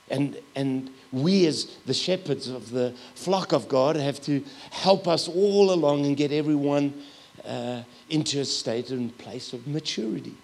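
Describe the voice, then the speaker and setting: A middle-aged man preaching a sermon as a pastor, telling stories with loud, animated asides. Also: mid-range voice, gravelly, slightly rough.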